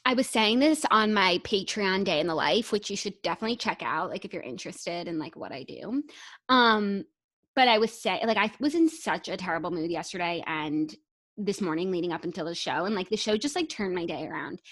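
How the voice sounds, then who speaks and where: A woman's voice: lowish voice, lively intonation, fairly quick, a bit bright. A young woman co-hosting a podcast in casual chat, talking in an enthusiastic, gushing way. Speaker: podcast co-host.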